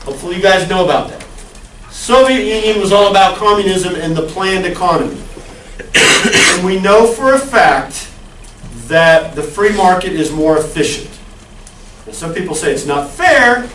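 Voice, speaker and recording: A man's voice: sits high, animated, normal speed, fairly bright tone, slight background noise. A male college lecturer giving a conversational classroom lecture and asking the class questions. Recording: echoey classroom, far from the mic.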